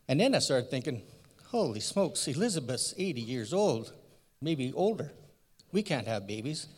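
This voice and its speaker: A man's voice: medium pitch, close to an everyday voice. A man playing the elderly priest Zechariah in a first-person church skit, telling his story in an earnest, folksy, rambling way. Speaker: church member in a sermon skit. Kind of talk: first-person dramatic monologue. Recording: long church hall reverb.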